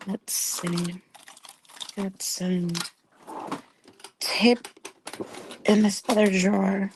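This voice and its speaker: A woman with a hoarse, fading voice, talking softly and often half-whispering during a casual livestream while she paints at her home desk, tearful and grieving. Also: mid-range voice, slow pace, pauses often, a little hiss or hum.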